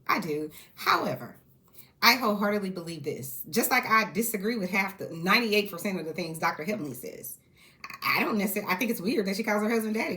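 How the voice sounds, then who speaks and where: A woman giving casual, candid commentary on a reality show, sassy and outspoken, with quick asides. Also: lowish voice, a bit bright.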